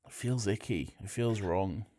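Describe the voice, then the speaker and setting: A man co-hosting a podcast, teasing his co-host in a deadpan, sweary way. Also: lowish voice, a little slow. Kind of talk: casual chat.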